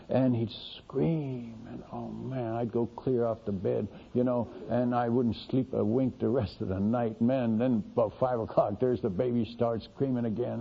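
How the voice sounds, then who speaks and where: Gravelly older man telling a sermon story. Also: medium pitch. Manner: folksy, animated, exclaiming asides to the audience. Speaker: missionary preacher. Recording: dull lo-fi recording.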